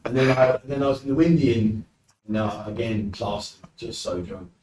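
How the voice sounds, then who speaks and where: A British-accented man from the UK shares lively anecdotes on a podcast, voicing the quotes as he goes. He has a mid-range voice and a moderate pace. Recorded from a distance, the sound is roomy with faint noise.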